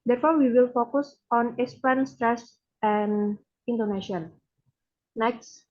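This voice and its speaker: A woman's voice: fairly high pitch, steady tone, a little slow. A young Indonesian-accented woman reading a class presentation from notes, tripping over words now and then. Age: young adult. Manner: reads from notes, stumbles on words. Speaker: student presenter. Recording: muffled lo-fi recording.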